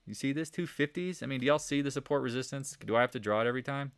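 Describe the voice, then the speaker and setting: A man's voice: medium pitch, very fast, clean tone, dry recording. Man, stock market recap, casual, joking, rambling, sound effects, dry close mic. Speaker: market commentator.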